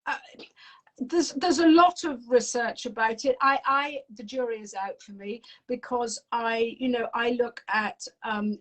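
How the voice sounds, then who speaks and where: A middle-aged woman, a parenting coach talking in an interview in a lively, rambling way with frequent restarts. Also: on the high side, poor audio. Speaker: parenting and teen coach, guest. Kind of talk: conversational interview.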